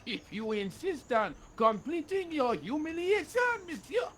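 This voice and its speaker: Game casting: high, sing-song French street juggler, sneering at passers-by. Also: male voice, big pitch swings, measured pace, a bit bright, slight background noise, heavily acted. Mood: mocking. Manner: mocking, condescending.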